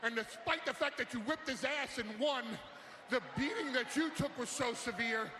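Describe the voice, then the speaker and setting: Male promo speaker, theatrical and pleading, very high voice, echoey broadcast. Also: normal speed, pushed and bright, slight background noise. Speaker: wrestling show speaker. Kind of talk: impassioned arena promo speech. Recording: roomy arena broadcast audio.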